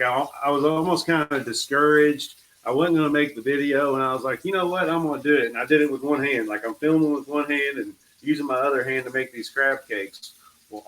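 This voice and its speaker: A man, a brand founder and guest, telling stories in a relaxed, casual way on a podcast. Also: medium pitch, rough recording.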